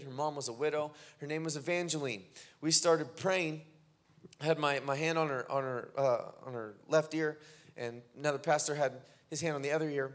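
A man preaching a sermon, telling stories and building to fervent, emphatic declarations. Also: on the high side. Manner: builds from quiet storytelling to fervent shouting. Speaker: pastor.

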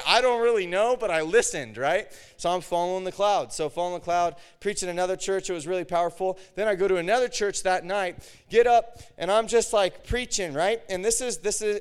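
A man preaching a sermon, telling a personal story with animated delivery and acting out the dialogue. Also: high voice, smooth. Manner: animated storytelling, acts out his own and God's words.

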